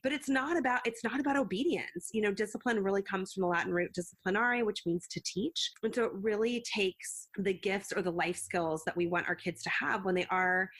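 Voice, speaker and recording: A woman's voice: medium pitch, brisk, hardly any pauses, fairly bright tone, slightly rough. A woman, a school psychologist and counselor, answering interview questions in an earnest, explanatory way, often acting out what she says to children. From United States. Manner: earnest, explanatory, acts out parent-child quotes.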